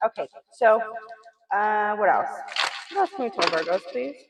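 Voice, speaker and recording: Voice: mid-range voice, expressive, normal speed, very noisy. A tarot reader doing a casual reading in a blunt, chatty way, swearing now and then and filling the talk with "like" and "you know". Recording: echoey room, mic far off.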